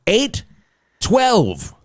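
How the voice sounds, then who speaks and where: A man's voice: sits high, wildly swooping pitch, drawn-out words, no room sound, studio quality, exaggerated voice. An actor playing a goofy male morning rock radio DJ who jokes around and plugs the station. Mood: banter. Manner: jokey, trades quips, plugs station. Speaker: radio DJ co-host. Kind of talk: improvised comedy radio banter.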